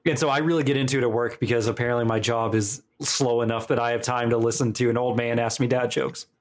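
A man co-hosting a casual gaming podcast from his home over a call mic. His voice sits at a middle pitch for a man. He talks in a joking, animated way and drifts into storytelling. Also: quick pace. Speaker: podcast co-host. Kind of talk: casual chat.

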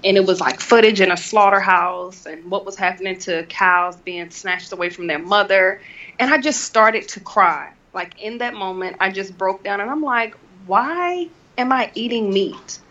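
A woman's voice: medium pitch, normal speed, dull audio. A woman guest telling her story earnestly in a casual interview, acting out what she said to others. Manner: earnest storytelling, animated quotes. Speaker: podcast guest.

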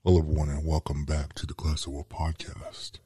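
A man voicing a creepy male horror show announcer as a podcast host, husky and slow. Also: rumbling low, monotone, dark tone, slight background noise, voice pushed down. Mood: spooky. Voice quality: gravelly, husky. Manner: slow drawn-out spooky delivery.

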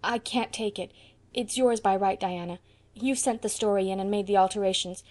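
A woman's voice: medium pitch, moderate pace, a little mellow, close to an everyday voice. A woman voicing an idealistic, dramatic eighteen-year-old college girl in an audiobook, speaking with tragic passion. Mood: distressed. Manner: impassioned, tragic.

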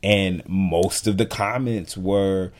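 A man talking casually on a podcast, animated and emphatic, with lots of "like" fillers. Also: deep voice, takes it slowly. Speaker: podcast co-host.

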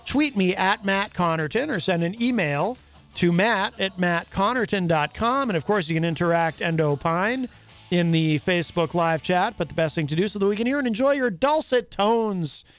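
Talk radio host, male, high-pitched, wry and chatty, stumbles over his phrasing. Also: lively intonation, normal speed, soft background music.

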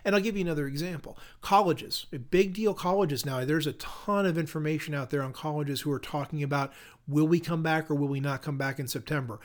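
Man, middle-aged, podcast host, slightly high voice, upbeat coaching tone, asks lots of questions. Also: fairly even intonation, fairly quick. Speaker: podcast host and customer service trainer. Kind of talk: solo podcast monologue.

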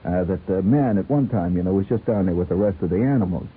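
Playful rambling radio host, man, low and lively, tinny phone-like sound. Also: quick pace, slight background noise. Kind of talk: late-night radio chat.

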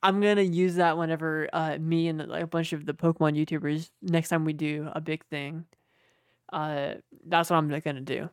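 A man's voice: fairly high pitch, little pitch movement, moderate pace, smooth, dry recording, studio quality. A young man co-hosting a podcast, chatting casually, joking and swearing as he rambles. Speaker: podcast co-host. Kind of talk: casual chat.

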